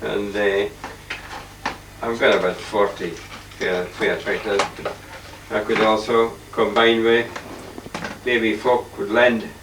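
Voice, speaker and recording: An older man talks his halting, wandering way through his paintings, often clearing his throat. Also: fairly low pitch, level tone. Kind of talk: rambling casual reminiscence. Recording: echoey room, distant mic, faint hiss.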